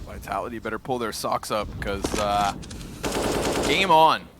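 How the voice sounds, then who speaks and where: A man doing fast, excited play-by-play commentary on a competitive shooter match. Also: fairly low pitch, very noisy. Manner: rapid excited play calls. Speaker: play-by-play caster. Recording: game gunfire behind. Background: gunfire from the match.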